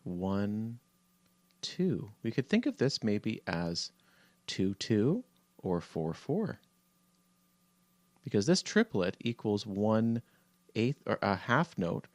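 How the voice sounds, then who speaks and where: A man teaching a music theory lesson over a shared screen, relaxed and halting with many fillers, counting beats aloud. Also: lowish voice, no room sound.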